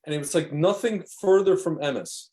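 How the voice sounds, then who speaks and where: A man's voice: a little high, normal speed, warm tone. A man co-hosting a podcast, rambling through stories in casual chat and acting out the quotes. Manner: rambling storyteller, acts out quotes. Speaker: podcast co-host.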